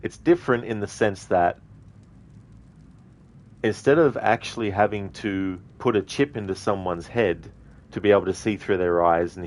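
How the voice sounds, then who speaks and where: An Australian man streaming a video game, chatting casually and rambling with many fillers. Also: low-pitched. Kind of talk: casual commentary.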